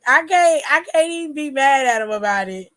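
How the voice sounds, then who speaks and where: Animated woman giving casual wrestling takes. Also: high voice, brisk. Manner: animated, expressive, swears freely, laughs often. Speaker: wrestling commentary vlogger. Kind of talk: casual reaction commentary.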